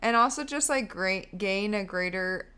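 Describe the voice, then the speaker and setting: A woman's voice: mid-range voice, normal speed, sharp tone, smooth. A woman co-hosting a podcast, talking casually with frequent "like" fillers and restarts. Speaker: podcast co-host. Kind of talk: casual chat.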